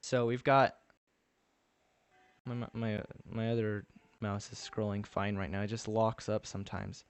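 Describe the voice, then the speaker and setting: A man's voice: lowish voice, little pitch movement, a little slow, long pauses, clear, resonant tone. A man with a Texan accent chatting casually on a live stream, rambling and thinking aloud as he builds and answers viewers.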